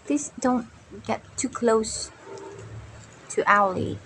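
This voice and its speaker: A woman voicing a gentle, friendly young male toy engine, speaking softly and a little hesitantly. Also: fairly high pitch, takes it slowly, slight background noise, voice pushed down, full character voice, poor audio. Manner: soft and hesitant.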